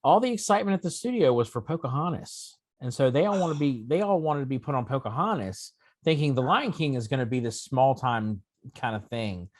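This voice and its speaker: A man co-hosting a casual podcast chat, telling stories in a relaxed way with dry jokes. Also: medium pitch, brisk, hardly any pauses, dry recording. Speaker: co-host.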